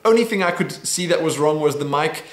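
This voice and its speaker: A man hosting a casual weekly Q&A video, playful and laughing, slowly sounding out foreign phrases. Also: on the high side, lively intonation, roomy sound. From South Africa. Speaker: YouTube host. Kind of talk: casual Q&A chat.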